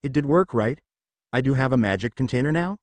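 A man's voice: mid-range voice, fairly quick, no echo, close to an everyday voice. A man doing a brash young boy ninja. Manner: excitable, shouting.

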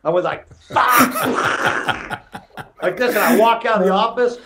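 A middle-aged man with a slightly high voice tells fight stories as a podcast guest. He talks in an animated way, laughs through his anecdotes and often restarts his sentences, keeping it loose and casual. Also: a little fast, heavy background noise. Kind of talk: casual storytelling interview.

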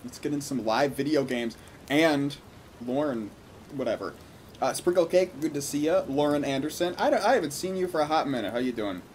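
A man's voice: a little high, lively intonation, brisk, darkish tone, slight background noise. A man hosting a casual livestream, greeting viewers by name and chatting loosely with some swearing. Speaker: livestream host.

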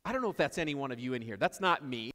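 A man's voice: mid-range voice, expressive, rapid-fire, bright, forceful tone. Man preaching in a reverberant church. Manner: conversational storytelling, repeats key phrases. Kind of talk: sermon. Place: church sanctuary.

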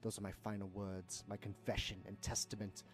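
A man's voice: fairly low pitch, level tone, normal speed, faint music behind, pitched below the performer's own voice, close to an everyday voice. A man doing a mock-British condemned prisoner. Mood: mock-solemn. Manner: put-on, mock-solemn. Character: prisoner reading his last testament.

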